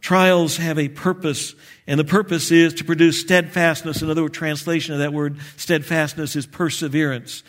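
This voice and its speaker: A man preaching a sermon as pastor, measured and earnest with light touches of humor. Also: fairly high pitch, level tone.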